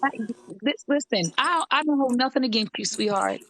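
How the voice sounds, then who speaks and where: Woman streamer, high and bright, preaching encouragement to guests. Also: expressive, moderate pace. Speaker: livestream host. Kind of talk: casual livestream chat.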